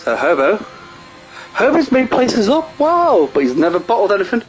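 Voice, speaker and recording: A man giving casual live sim racing commentary, excitable and jokey, often laughing at his own crude remarks. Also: high-pitched, drawn-out words, long pauses, soft background music, poor audio. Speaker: race commentator.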